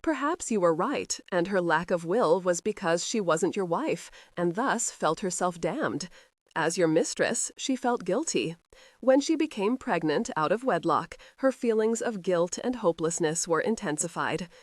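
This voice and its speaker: A woman's voice: fairly low pitch, expressive, unhurried, no room sound. A woman voicing an earnest middle-aged male doctor who explains his theories.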